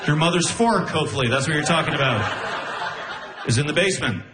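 A young man doing a stand-up comedy set on a club stage, telling his story in an animated way and laughing through his lines. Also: fairly high pitch, quick pace. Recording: roomy club sound with light noise.

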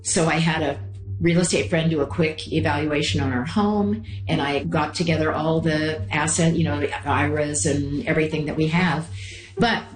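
An older woman, a mother being interviewed, recounting a past decision in a deliberate, careful way. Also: low-pitched, steady tone, faint music behind. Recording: roomy, echoey room sound.

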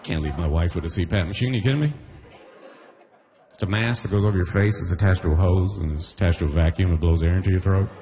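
A man's voice: low voice, fast, dark tone. A Caribbean-born man performing a stand-up comedy set, chatty and loose, tossing in "you know what I mean" often.

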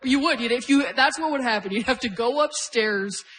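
A woman's voice: a little high, normal speed, a bit bright. A middle-aged woman doing stand-up, telling stories in a self-deprecating way and laughing through her lines. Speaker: stand-up comedian. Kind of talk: stand-up storytelling. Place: stage before a live audience.

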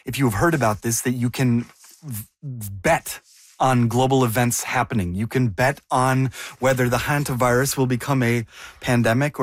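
A man's voice: medium pitch, dry recording, clean studio sound. Questioning man in a news chat. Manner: questioning, casual, thinks aloud with restarts. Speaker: co-host. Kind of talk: conversational news discussion.

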